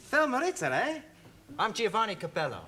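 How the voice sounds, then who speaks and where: A man's voice: high voice, huge pitch swings, brisk, noisy background. An actor playing a jovial Italian male student with an Italian accent, in a 1970s sitcom with audience laughter. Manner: jovial, mixes in Italian words.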